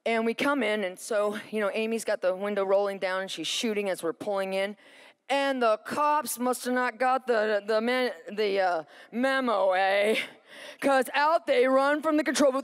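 A woman preaching a sermon in an animated storytelling way, acting out her own thoughts and calling to the audience for responses. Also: fairly high pitch, normal speed, clean tone. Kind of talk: sermon with personal testimony.

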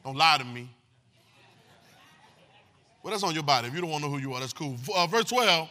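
Man, preacher, high voice, very bright tone, animated sermon, call and response. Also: brisk, pauses often. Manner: animated street-talking preaching, call and response, shouting at peaks.

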